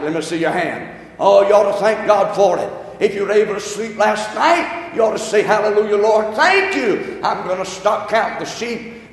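A man preaching a sermon as pastor, calling on the congregation to answer and rising into shouts. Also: high voice. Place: church sanctuary. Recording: echoey hall.

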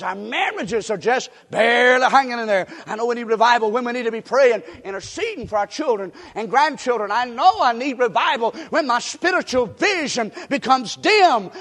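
Fiery high-voiced preacher in a hall. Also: male voice. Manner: swings between quiet asides and shouted exhortation; folksy, addresses crowd directly. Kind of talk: revival sermon. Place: church sanctuary. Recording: long hall reverb.

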